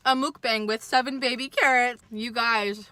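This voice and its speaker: A young woman vlogging from her car in a casual, chatty way. Her voice sits a little high and she pokes fun at herself as she talks. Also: measured pace, no echo. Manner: chatty, self-mocking, jumps high when excited. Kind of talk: casual vlog chat.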